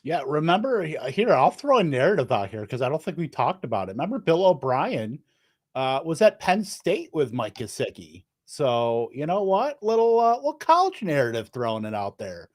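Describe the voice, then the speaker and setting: A man's voice: a little high, very animated, normal speed, dry recording, clean studio sound. A man fantasy football analyst in a casual panel chat, rambling with frequent restarts. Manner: rambling, full of restarts and fillers.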